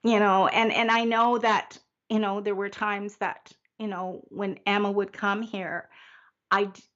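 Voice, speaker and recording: An older woman from Canada, a guest in a conversational interview, speaking reflectively with frequent restarts and soft laughs. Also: medium pitch, little pitch movement, dull audio. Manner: reflective, halting, often restarts and laughs softly.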